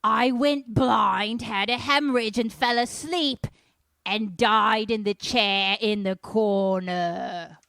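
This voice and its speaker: A woman doing a slow, booming old ghost. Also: steady tone, vocal fry, no room sound, heavily acted. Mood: menacing. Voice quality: loud, slow, growling. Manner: threatening, drawn-out delivery. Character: menacing old male ghost possessing a girl.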